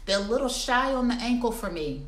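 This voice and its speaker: A woman's voice: fairly high pitch, expressive, fairly quick, echoey room. A woman hosting a livestream, reviewing clothes in a chatty, casual way and calling viewers y'all. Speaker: livestream shopping host. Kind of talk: casual live product review. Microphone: phone or computer livestream.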